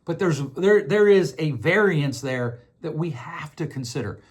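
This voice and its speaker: Conversational man, slightly high voice. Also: lively intonation, a little slow, breathy edge. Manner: conversational, repeats words while thinking, acts out quoted voices. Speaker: podcast host. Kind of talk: casual explanatory monologue.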